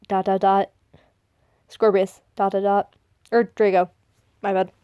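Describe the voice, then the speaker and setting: A woman's voice: medium pitch, flat delivery, moderate pace, pauses often, warm tone, smooth. A woman reading fan memes aloud, joking, swearing and laughing as she goes. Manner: laughing, sarcastic, swears freely.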